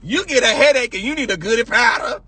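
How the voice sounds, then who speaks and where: A man hosting a casual livestream rant, loud and projecting, sassy and profane, laughing often. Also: extremely high pitch, animated, quick pace, breathy edge, no room sound. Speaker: livestream host.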